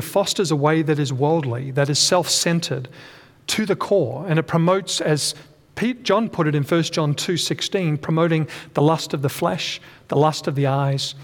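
A man's voice: on the high side, in a large hall. A man preaching a sermon earnestly, often restating his points and correcting himself mid-sentence.

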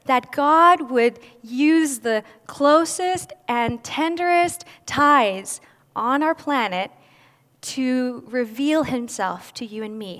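Woman, high voice, candid testimony, self-deprecating humor, long hall reverb. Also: fairly bright tone. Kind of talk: personal testimony talk.

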